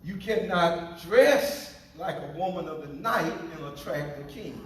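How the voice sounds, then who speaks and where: A male pastor delivers a sermon with unhurried, drawn-out phrasing and a playful, teasing touch. His voice rings through a very echoey church hall. He sounds set back from the microphone. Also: fairly high pitch, lively intonation, far from the mic. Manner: playful, joking with the congregation.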